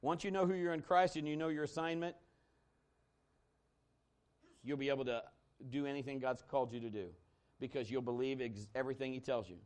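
A male pastor preaching a sermon, telling a personal story in a conversational, animated way that swings between loud and hushed. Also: mid-range voice, fairly quick, pauses often, clear, resonant tone.

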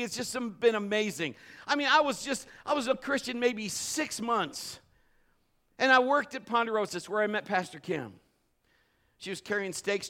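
A man preaching and telling a personal story, animated, swinging from shouts to hushed storytelling. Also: sits high. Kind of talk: sermon with personal testimony.

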